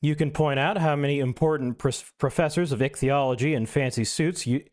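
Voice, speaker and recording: A man's voice: fairly high pitch, brisk, a little mellow. A male streamer reading an essay aloud, breaking in with wry, self-mocking asides.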